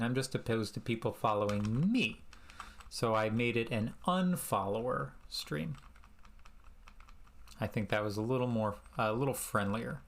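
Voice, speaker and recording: A man's voice: fairly bright tone, slight background noise. Sarcastic, self-mocking male game streamer. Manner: bursts into high exasperated exclamations. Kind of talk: live game-stream commentary.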